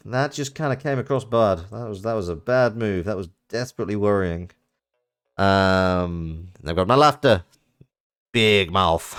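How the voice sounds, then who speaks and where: Low-ish guy streaming a card game, chatty and self-mocking, bit of music quietly behind. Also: measured pace, clear, resonant tone. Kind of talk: casual live-stream chat.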